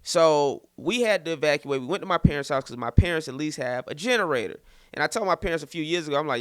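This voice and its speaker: A man's voice: medium pitch, quick pace, clear, resonant tone, dry recording, studio quality. A man in his thirties hosting a podcast, telling a story casually and acting out quotes. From St. Petersburg, Florida. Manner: animated, loose, repeats words and acts out quotes. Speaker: podcast host and comedian.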